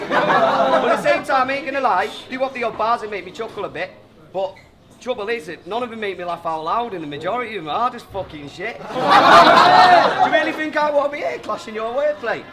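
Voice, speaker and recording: Brash battle rapper, loud crowd. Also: male voice, very high voice. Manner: taunting, brash, swearing. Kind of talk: rap battle verses over a loud crowd. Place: bar venue, indoors. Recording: loud crowd and noise in a bar.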